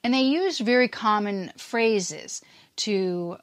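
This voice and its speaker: A woman's voice: medium pitch, lively intonation, slow, dry recording. Woman podcast host, emphatic casual explainer, dry and close. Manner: emphatic, acts out quoted lines in passing.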